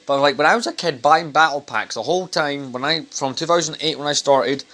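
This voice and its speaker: This young adult vlogger chats to camera while eating dinner at home, loose, rambling, blunt, and full of swearing. His voice is fairly high with a sharp tone, and he talks briskly.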